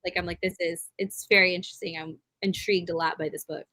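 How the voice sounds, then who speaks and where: A woman's voice: fairly low pitch, fairly even intonation, quick pace, sharp tone, no room sound. A woman in her forties from Texas, talking hesitantly in casual podcast chat with many fillers. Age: 40s.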